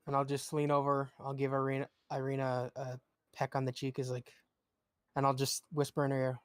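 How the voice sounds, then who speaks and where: A man's voice: medium pitch, monotone, a little fast, clear, resonant tone, no room sound, studio quality. A man playing a tabletop game, describing his character's actions in a casual tone and swearing freely. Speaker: player.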